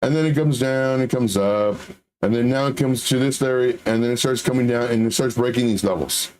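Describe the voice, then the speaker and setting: A middle-aged man hosting a trading show, talking casually and repeating himself, with lively acted-out quotes. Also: medium pitch, a little fast. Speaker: trading channel host. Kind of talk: casual live market talk.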